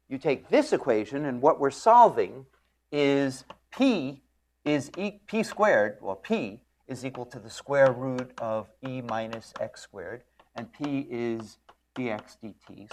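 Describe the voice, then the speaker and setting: A man lecturing on physics, explaining at a board in a joking storytelling way and often clearing his throat. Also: medium pitch, a little mellow. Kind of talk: classroom lecture.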